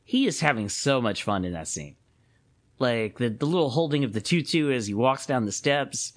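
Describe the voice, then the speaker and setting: A man co-hosting a podcast, chatting casually at a middle pitch. He sounds animated and laughs easily, often breaking off to restart a thought. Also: moderate pace. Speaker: podcast co-host. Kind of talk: casual chat.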